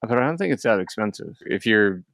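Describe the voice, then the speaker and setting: Low-voiced South African man chatting. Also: expressive, brisk, a bit bright, no room sound, clean studio sound. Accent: South African, Dutch-influenced. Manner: laughs often, stammers at starts. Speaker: co-host. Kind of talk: casual chat.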